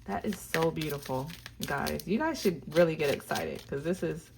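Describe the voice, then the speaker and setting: A woman giving a casual tarot reading, talking straight to her viewers in a gushing, excitable way. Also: sits low, moderate pace, vocal fry, background noise. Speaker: tarot reader.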